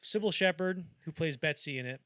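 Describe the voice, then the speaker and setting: A man's voice: a little high, a little fast, a bit bright, smooth, dry recording. A man hosting a podcast, chatting casually about film history and acting out anecdotes as he rambles along. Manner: rambling storyteller who acts out quotes. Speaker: podcast host.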